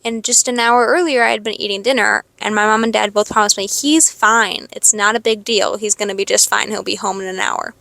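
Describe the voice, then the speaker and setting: A woman's voice: mid-range voice, fairly even intonation, brisk, vocal fry, few pauses, sharp tone, dry recording. A young woman hosting a podcast, telling a rambling, expletive-laden personal story in a casual confessional monologue. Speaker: podcast host.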